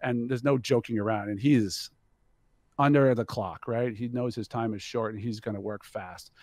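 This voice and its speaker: A middle-aged man, a company executive and podcast guest, telling a long anecdote in a lively way and slipping into other people's voices. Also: mid-range voice, normal speed, no room sound, studio quality. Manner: animated storyteller who acts out quoted voices. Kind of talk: casual storytelling anecdote.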